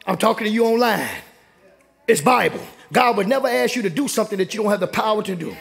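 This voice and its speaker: A young man preaches in a church sanctuary, working the room with call-and-response and climbing into shouts. His voice sits very high and carries a gravelly rasp. The delivery is a full sermon to the congregation. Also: quick pace. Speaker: pastor.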